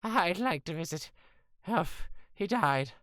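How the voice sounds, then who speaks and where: A man's voice: high voice, expressive, takes it slowly, a bit bright, slight background noise, voice pushed up, heavily acted. A man voicing a cranky, breathless old woman security guard in a video game, huffing and puffing between words. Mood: tired, grumbling.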